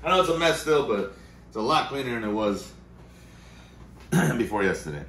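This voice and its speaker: A man's voice: medium pitch, sing-song, normal speed, gravelly, fairly bright tone, slight background noise. A man hosting a casual vlog at home, rambling and cursing, muttering to himself as he works. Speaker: vlog host. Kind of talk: casual chat while making coffee. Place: home kitchen-dining room.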